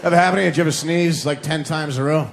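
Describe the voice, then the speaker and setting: A man performing a stand-up comedy set on a club stage, acting out sneezes with shrieking high yelps, recorded on a handheld mic with audience laughter behind. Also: very fast, gravelly, background noise. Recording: live club mic, loud crowd laughter.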